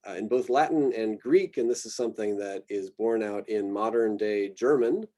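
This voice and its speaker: An American man lecturing on botanical names, relaxed and thinking aloud with many fillers. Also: on the low side, moderate pace. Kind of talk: recorded slide presentation.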